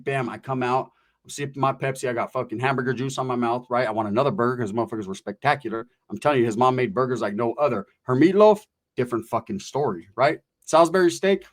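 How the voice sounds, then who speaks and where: A middle-aged man from California telling a rambling, profane story in streetwise slang. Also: mid-range voice. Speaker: storyteller guest. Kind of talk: casual anecdote telling.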